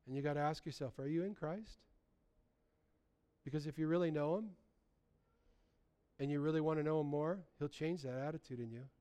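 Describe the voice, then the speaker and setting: A man preaching a sermon in a lively, conversational way, often restarting his sentences. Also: fairly high pitch, normal speed, pauses often, clear, resonant tone. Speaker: pastor.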